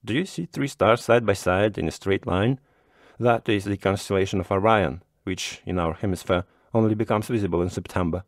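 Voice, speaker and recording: Male narrator doing a shy, polite young student, earnest, low voice, dry sound. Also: brisk, no echo, lightly acted. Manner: polite, earnest small talk.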